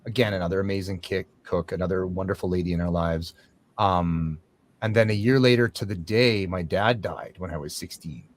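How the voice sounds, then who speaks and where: A man's voice: deep voice, fairly quick, slight background noise. A man hosting a talk, sharing a long personal story in a reflective, rambling way. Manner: reflective, rambling, with restarts and fillers. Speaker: host. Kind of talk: conversational talk show discussion.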